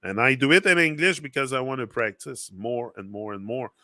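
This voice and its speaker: A man with a French accent, a native French speaker, hosting a casual motivational livestream. His voice is bright and forceful, in a dry, close sound. He rambles loosely, circling back with fillers and restarts. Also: mid-range voice, expressive, brisk, no room sound. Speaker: livestream host.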